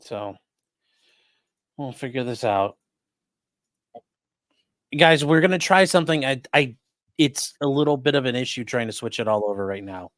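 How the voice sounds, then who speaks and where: A man of middle pitch talks loosely on a livestream, in quick bursts full of fillers. His voice sounds close and dry, with no room around it. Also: expressive, fairly bright tone, no echo. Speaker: defense attorney co-host. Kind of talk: casual livestream commentary.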